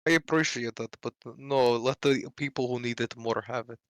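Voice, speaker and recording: A man's voice: medium pitch, moderate pace, smooth, no echo, natural voice. A man voicing a large, earnest male mountain dweller who talks in broken, stilted English.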